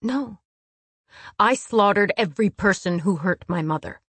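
A woman's voice: lowish voice, measured pace, no room sound. Woman reading as a fierce winged male warrior. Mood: icy fury.

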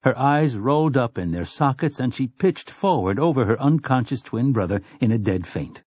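A man reading a novel aloud as an audiobook narrator in measured storytelling. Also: medium pitch, lively intonation, a little mellow, breathy edge, dry recording. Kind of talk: scripted narration.

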